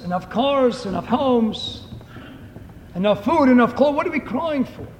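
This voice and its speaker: Man, preacher, very high voice, impassioned sermon, long hall reverb. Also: a little hiss or hum. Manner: impassioned, rising to shouts. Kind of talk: sermon with stories. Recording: echoey hall, faint ambience.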